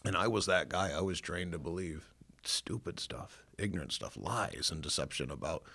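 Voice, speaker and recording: Deep, gravelly middle-aged pastor. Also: male voice, animated, normal speed, sharp tone. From Northern Illinois. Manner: earnest storyteller, self-mocking, frequent restarts. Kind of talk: personal testimony in an interview. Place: recording studio.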